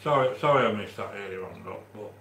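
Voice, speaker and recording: A man from the English Midlands with a Midlands accent, hosting a live stream and chatting warmly with viewers as he reads their comments, with frequent restarts. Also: fairly low pitch, lively intonation, fast talker, gravelly, roomy sound, a little hiss or hum. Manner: chatty and affectionate, with many restarts. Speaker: livestream host reading chat. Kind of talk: casual live-stream chat.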